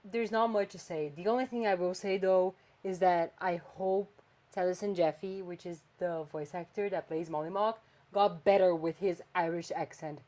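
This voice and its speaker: A woman's voice: lowish voice, moderate pace. Chatty woman podcast host. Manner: animated, chatty, swings between flat and emphatic. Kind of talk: casual chat.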